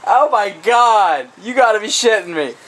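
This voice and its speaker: Man behind the camera, casual and incredulous, with a fairly high-pitched voice. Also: lively intonation, normal speed, fairly bright tone. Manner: incredulous, teasing, swears casually. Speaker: off-camera co-host questioning the host. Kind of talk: casual banter.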